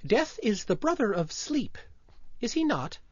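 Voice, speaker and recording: A woman's voice: on the high side, sing-song, unhurried, a little mellow, breathy edge, no echo, exaggerated voice. A woman voicing a devoted, dying little male swallow in a radio drama reading, tender and fading. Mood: tender farewell. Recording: dull lo-fi radio recording.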